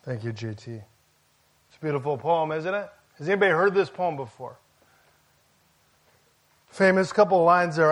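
A pastor with a fairly high voice preaches to his congregation. He keeps it conversational, dropping in jokes and asides as he goes. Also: animated, moderate pace, long pauses, fairly bright tone. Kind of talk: sermon.

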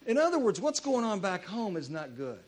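A man preaching a sermon in a church, his voice pitched high and swinging widely up and down. He tells stories with animated energy, jumping to loud emphasis on key lines. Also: fairly quick. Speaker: pastor.

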